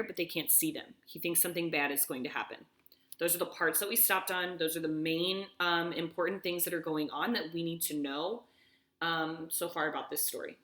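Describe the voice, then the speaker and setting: Bright, lowish woman teacher. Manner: explanatory, checking in with "okay?". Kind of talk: reading a story and explaining it in a lesson. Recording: echoey room.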